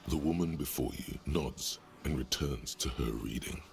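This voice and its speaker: A man voicing a deep, dry male narrator in a video game, giving matter-of-fact commentary. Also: normal speed, creaky, a little mellow, a little hiss or hum.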